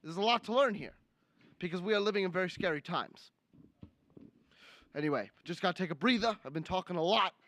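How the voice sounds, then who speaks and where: A man's voice: high voice, lively intonation, fairly quick, pauses often, fairly bright tone. A young man putting on an indignant older male senator with a Brooklyn accent, lecturing and repeating his outrage in a comic political impression. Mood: fussy. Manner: ranting, finger-wagging, repeats outrage lines. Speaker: student livestream presenter.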